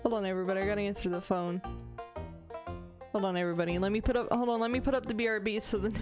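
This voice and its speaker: A woman's voice: medium pitch, fairly even intonation, racing. A woman streaming a game, chatting casually and playfully teasing, laughing often, with game music behind her. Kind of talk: casual live-stream chat.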